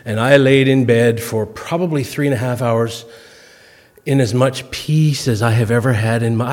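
A man's voice: mid-range voice, normal speed, a little mellow. Folksy older man in a reverberant hall. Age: 50s. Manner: folksy, self-deprecating storyteller with comic timing. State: recovering from a cough, clears throat. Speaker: guest speaker. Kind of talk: humorous storytelling talk to a congregation.

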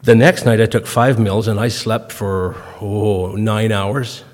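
A man in his fifties, a guest speaker telling self-deprecating stories to a congregation in a folksy, comic way, clearing his throat now and then as he recovers from a cough. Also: fairly low pitch, steady tone, slow pace. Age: 50s. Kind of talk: humorous storytelling talk to a congregation. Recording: long hall reverb.

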